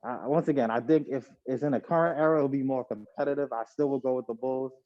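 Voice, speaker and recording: A man co-hosting a podcast, giving his take on basketball in a measured, casual way, often checking in with "right?". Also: fairly even intonation, no echo. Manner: measured, hedging with "right?" and "you know". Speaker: podcast co-host. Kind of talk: casual sports debate. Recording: dull low-fi home podcast audio.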